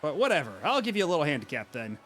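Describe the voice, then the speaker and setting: A man's voice: fairly high pitch, big pitch swings, very fast, fairly bright tone, soft background music. A man voicing a sassy, cocky teen horse-girl rival from a game, brash and teasing. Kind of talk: reading game dialogue aloud.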